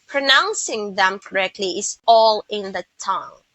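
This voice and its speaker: Slow, bright Filipino woman teaching. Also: mid-range voice, animated, no room sound, rough recording. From Philippines. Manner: slow, repeats words to model pronunciation. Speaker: English teacher. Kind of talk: pronunciation lesson.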